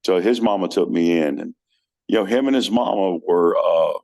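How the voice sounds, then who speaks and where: Gravelly low-voiced man, earnest podcast guest. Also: normal speed, dark tone. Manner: earnest storytelling with restarts. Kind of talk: casual chat.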